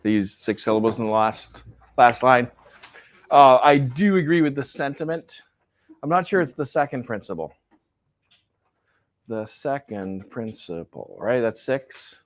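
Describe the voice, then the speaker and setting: A man's voice: mid-range voice, expressive, moderate pace. A male professor giving a classroom lecture in a conversational way, often checking in with "right?". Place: lecture hall.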